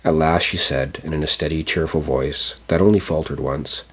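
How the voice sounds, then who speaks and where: Man, deep voice, husky, audiobook narration, measured with small slips. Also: steady tone. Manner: measured reading with small stumbles. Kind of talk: storybook reading.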